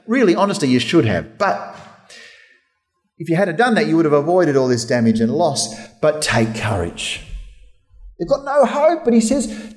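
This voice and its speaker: A man's voice: a little high, darkish tone. A man preaching a sermon, telling the story vividly and acting out the voices of the people in it. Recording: hall reverb.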